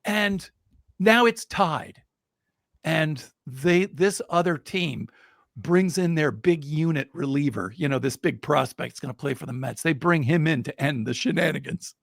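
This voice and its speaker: A middle-aged man, a guest in a casual interview, telling an anecdote in an animated way and building suspense. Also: on the high side, unhurried, vocal fry, dry recording, clean studio sound. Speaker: guest storyteller.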